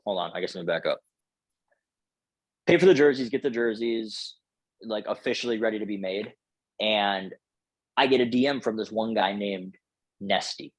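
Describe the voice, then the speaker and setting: A man's voice: on the low side, no echo, low-quality recording. A man telling a casual, profane story full of filler words as a podcast guest.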